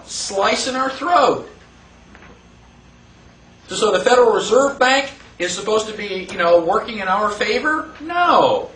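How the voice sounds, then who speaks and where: Animated high-voiced man lecturing a class. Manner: animated, rhetorical questions, acts out quoted voices. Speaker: teacher. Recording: echoey room, voice from far off.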